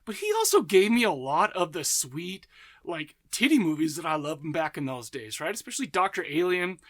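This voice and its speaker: A man's voice: fairly high pitch, big pitch swings, moderate pace, a bit bright. A man hosting a horror movie podcast, talking casually and enthusiastically, rambling and correcting himself often. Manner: enthusiastic, rambling, self-interrupting; laughs and acts out voices in anecdotes. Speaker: podcast host. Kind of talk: casual monologue.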